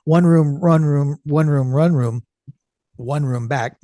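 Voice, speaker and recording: A man's voice: a little high, slow pace, warm tone, dry recording, studio quality. A man speaking as a podcast guest in casual conversation, earnest and emphatic, stacking up phrases.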